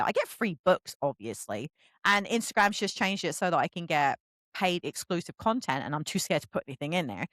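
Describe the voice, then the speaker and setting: An English woman hosting a casual book podcast, animated and profane, often laughing as she talks. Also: on the low side, fairly quick, no room sound. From England. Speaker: podcast host and book influencer. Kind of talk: casual chat.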